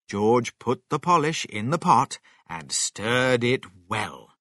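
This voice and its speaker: A man reading a children's story aloud in an expressive storytelling manner. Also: mid-range voice, slow pace, no room sound, clean studio sound.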